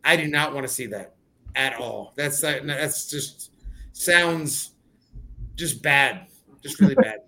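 This Californian man competes in combat sports and is chatting casually as a podcast guest. His voice sits on the high side, pushed and bright, and he talks slowly with frequent pauses. He rambles, leans heavily on fillers, and keeps restarting his sentences.

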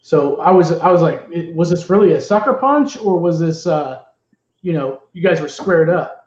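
A man's voice: fairly high pitch, animated, moderate pace, a little mellow. A man in casual podcast chat, asking curious questions about what happened. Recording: roomy, dull, distant from mic.

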